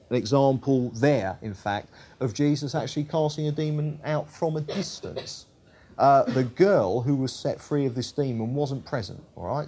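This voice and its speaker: A man's voice: medium pitch, mellow, husky. A man teaching a Bible study, reading scripture aloud and then explaining it conversationally, with frequent fillers and self-corrections. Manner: corrects himself on the fly, with frequent ums and uhs.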